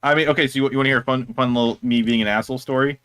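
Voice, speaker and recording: A man's voice: medium pitch, fairly even intonation, very fast, fairly bright tone, smooth, no room sound. A man co-hosting a casual chat, telling a rambling story and laughing through it. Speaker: co-host of a discussion stream.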